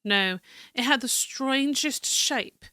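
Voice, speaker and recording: A woman's voice: mid-range voice, normal speed, sharp tone, smooth, dry recording, clean studio sound, lightly acted. A woman voicing a stiff, proud male cartographer, reading his journal aloud in a formal, slightly fancy manner with small stumbles. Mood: musing.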